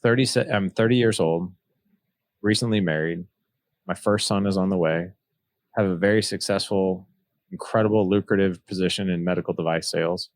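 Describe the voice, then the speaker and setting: A man's voice: low voice, normal speed, dry recording. A man in his forties telling a personal story in an earnest, reflective way, acting out remembered dialogue. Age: 40s. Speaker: podcast guest, author.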